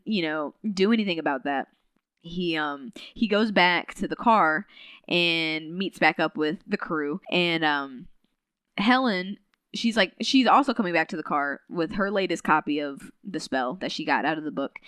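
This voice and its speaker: A woman podcast host casually recapping a novel, full of fillers and quick acted-out character lines. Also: mid-range voice, fairly bright tone, clear, resonant tone, dry recording. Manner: chatty, many fillers, acts out characters' lines.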